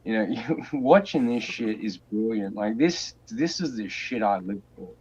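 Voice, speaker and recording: A man's voice: lowish voice, animated, a little slow, darkish tone, slightly rough. A man hosting a podcast, ranting crudely and swearing nonstop. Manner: crude, heated, swears constantly. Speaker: podcast host. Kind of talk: profane rant. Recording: dull lo-fi sound.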